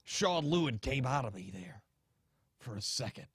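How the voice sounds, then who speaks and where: A man's voice: medium pitch, big pitch swings, breathy edge, no room sound. Man, podcast host, crude rant, profane, dry close sound. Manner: crude, profane, rapid ranting. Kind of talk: casual comedic podcast rant.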